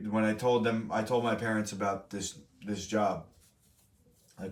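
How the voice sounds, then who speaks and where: Young guy with a lowish voice rambling a story to his stream chat, swears a lot, sounds a bit far off in a roomy space. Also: flat delivery, unhurried, pauses often. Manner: rambling, profane, self-correcting. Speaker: streamer host. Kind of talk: casual storytelling to a live chat. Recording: roomy, from a distant mic.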